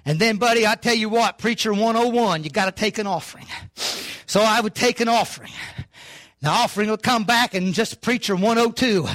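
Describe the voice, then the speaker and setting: Older preacher guy, real high voice, hollers when it builds. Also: a little fast, no room sound. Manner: fervent, rising to shouts, southern-style preaching. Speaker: pastor. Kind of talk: sermon.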